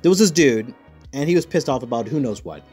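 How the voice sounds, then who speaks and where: A man's voice: medium pitch, animated, a little fast, darkish tone, husky, soft background music. Profane joking man. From United States. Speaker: podcast host. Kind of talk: casual chat.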